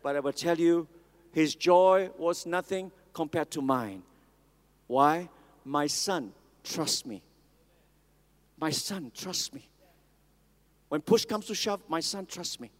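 High-voiced preacher in an echoing hall. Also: male voice, takes it slowly, long pauses. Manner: emphatic, repetitive, calls for congregation response. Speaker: pastor. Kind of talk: sermon. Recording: long reverb of a large hall.

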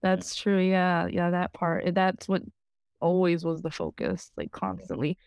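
A woman's voice: fairly low pitch, a little slow, vocal fry, a little mellow, smooth, dry recording, studio quality. A woman talking candidly in an interview, rambling and filling her talk with "you know" and "like". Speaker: program client sharing her story.

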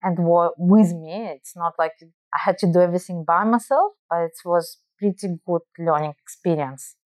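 A woman's voice: fairly low pitch, moderate pace, no room sound. A woman from Belarus with a Russian accent, answering interview questions earnestly and thinking aloud with many restarts. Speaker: guest.

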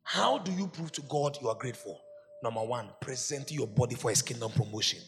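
A man with a Ghanaian accent preaching a sermon, swinging between loud shouts and low asides. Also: animated, fairly quick, big-room sound, faint music behind. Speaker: pastor.

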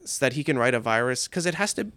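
A man's voice: medium pitch, animated, quick pace, fairly bright tone, dry recording. A man co-hosting a podcast, chatting casually about a film in a joking, rambling way, with asides along the way. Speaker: podcast co-host. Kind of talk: casual chat recapping a film.

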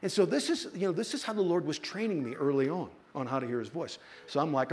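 A man's voice: on the high side, animated, quick pace, hardly any pauses, darkish tone. A middle-aged man pastor preaching a sermon, telling a personal story with playful asides to his congregation. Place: church.

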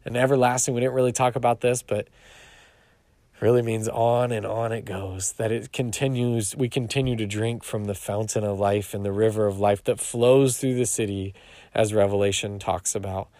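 A male pastor giving a short devotional teaching in a relaxed, conversational way, with restarts and casual asides. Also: lowish voice, moderate pace, no echo.

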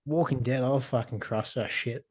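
Blunt young Australian co-host. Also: male voice, medium pitch, steady tone, normal speed, darkish tone, breathy edge, dry recording. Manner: blunt, swears freely, dry jokes. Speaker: podcast co-host. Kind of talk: casual chat.

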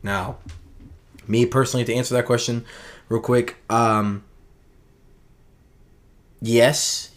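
A man with a fairly low voice, talking loosely to his listeners late at night. He rambles and circles back on his words, earnest and unpolished. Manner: rambling, earnest, self-correcting. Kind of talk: casual late-night monologue.

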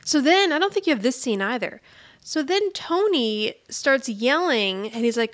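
A woman's voice: high voice, sing-song, normal speed. A woman co-hosting a casual podcast, retelling a TV episode and acting out the characters' lines, laughing often. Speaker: podcast co-host. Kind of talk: casual rewatch chat, retelling scenes.

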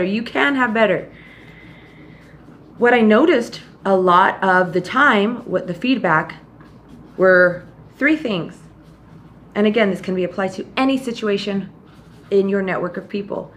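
A woman hosting a podcast, delivering a direct, tough-love motivational monologue and often quoting people in lively put-on voices. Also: mid-range voice, measured pace, a little hiss or hum. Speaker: podcast host.

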